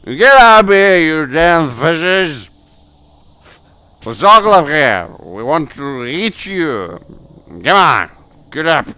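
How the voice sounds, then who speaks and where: A man voicing a rowdy grown man who shouts and coaxes fish to come up, in a loud, raised voice. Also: very animated, slow pace, clean tone, exaggerated voice. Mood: shouting coaxing. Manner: loud, high, coaxing shouts.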